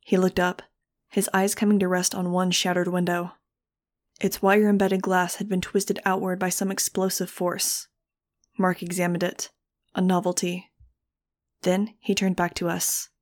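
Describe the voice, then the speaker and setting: A woman narrating a first-person audiobook in a measured, grave storytelling manner. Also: fairly low pitch, monotone. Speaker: audiobook reader.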